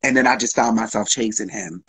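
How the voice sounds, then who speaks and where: A man's voice: fairly low pitch, brisk, fairly bright tone, slightly rough, rough recording. A man guest telling an open, emotional personal story on a live stream, frank and casual with swearing.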